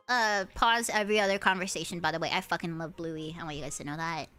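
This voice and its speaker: A young American woman streaming, chatting with her viewers in an animated, swearing storytelling manner. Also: fairly low pitch, fast, hardly any pauses. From United States. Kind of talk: casual chat with viewers. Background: faint background music.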